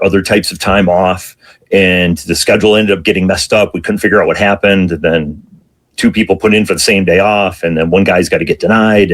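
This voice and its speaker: A middle-aged man, a fire captain, telling stories in a reflective interview answer with frequent pauses. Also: deep voice, fairly bright tone.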